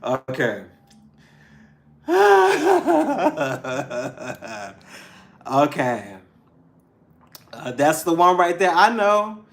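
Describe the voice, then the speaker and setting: A man giving a casual spiritual pep talk as a tarot reader, animated and slangy, swearing freely. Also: a little high, slow, long pauses.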